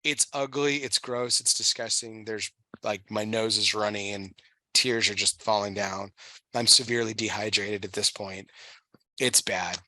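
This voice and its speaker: A man in his thirties, a podcast host, chatting emotionally with halting restarts and casual swearing. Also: fairly low pitch, fairly even intonation, pushed and bright, dry recording. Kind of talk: casual chat.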